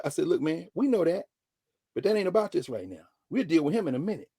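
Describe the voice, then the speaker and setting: Animated man with a husky voice. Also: on the high side, fast, dry recording, clean studio sound. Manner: dramatic retelling, voicing others in quotes, swinging from hushed to shouting. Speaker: professor and regular guest. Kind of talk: animated storytelling lesson.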